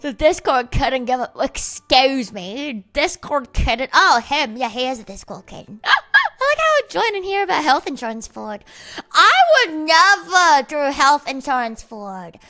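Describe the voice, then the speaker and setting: A woman's voice: sits high, sing-song, unhurried, sharp tone. A young woman streamer in casual chat, playful and giggly, rambling through absurd jokes. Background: faint music.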